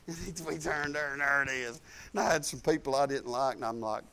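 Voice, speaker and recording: A man preaching a folksy sermon, telling personal stories and rising to loud, emphatic points. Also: on the high side, fairly quick, vocal fry. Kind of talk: informal preaching with storytelling.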